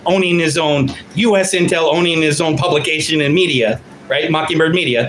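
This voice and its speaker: Loud, profane man in his fifties. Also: on the high side, fairly quick, few pauses, slight background noise, low-quality recording. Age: 50s. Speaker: livestream commentator. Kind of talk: unscripted ranting livestream.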